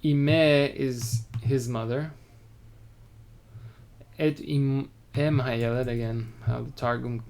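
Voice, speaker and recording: Man teaching a relaxed text-study lesson. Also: mid-range voice, slow pace, vocal fry, pauses often. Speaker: Torah teacher.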